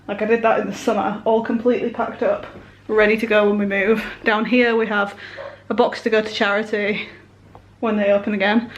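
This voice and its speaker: A young English woman in her twenties chatting casually to the camera in her weekly vlog, self-mocking and quick to giggle. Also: on the high side, slight background noise, rough recording. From England. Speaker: vlogger.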